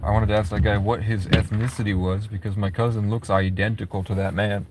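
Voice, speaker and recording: A man's voice: on the low side, flat delivery, brisk, heavy background noise. A man livestreaming at a car garage, rambling and swearing, wired on energy drinks after two days awake. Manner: rambling, jittery, swears freely. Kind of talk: casual rambling livestream chat. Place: at a car service garage, outdoors.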